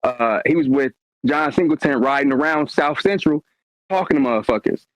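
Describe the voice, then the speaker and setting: A man from Indiana in casual podcast chat, talking quickly and confidently. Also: medium pitch, dry recording. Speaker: podcast co-host. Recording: dull, dry, lo-fi.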